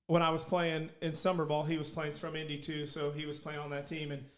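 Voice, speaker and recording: A man, co-hosting a podcast and telling rambling, animated stories. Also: fairly high pitch, fast. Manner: rambling, animated storyteller with restarts. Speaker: podcast co-host. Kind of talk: casual storytelling chat.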